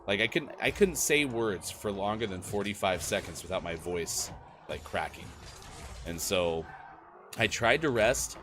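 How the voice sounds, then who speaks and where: Background noise surrounds a lowish, unhurried male voice. He's one of the hosts of a gaming morning show, chatty and lively as he talks straight to the stream chat, though a lingering cold has left his voice somewhat worn.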